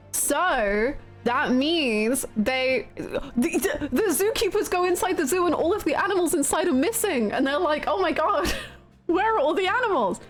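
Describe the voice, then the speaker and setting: A woman streamer chatting casually with her live viewers, giggly and chatty. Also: on the high side.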